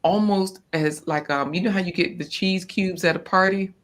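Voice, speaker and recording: A woman co-hosting a casual live-stream chat about gardening and food, informal and quick to laugh. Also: lowish voice. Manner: chatty and informal, laughs often. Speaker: co-host of a homestead live chat. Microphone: off-camera, voice only.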